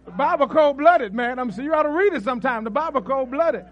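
A man preaching a sermon as pastor, telling a story with animated asides and repeated praise refrains. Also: very high voice, brisk, muffled recording, some chatter behind.

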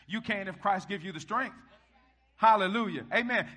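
A middle-aged man preaching a sermon to a congregation, leading call-and-response and rising to shouts. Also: high voice, normal speed. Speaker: pastor. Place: church hall before a congregation.

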